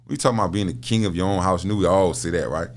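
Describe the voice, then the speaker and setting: Deep-voiced and rapid-fire, a middle-aged man who works as a prison minister swaps stories on a podcast in relaxed interview talk. He laughs a lot and tends to repeat words.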